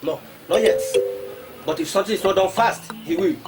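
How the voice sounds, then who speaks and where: A man's voice: high-pitched, music in the background, natural voice. An actor with a Nigerian accent playing a commanding man taking charge at a sickbed. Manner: brisk, commanding.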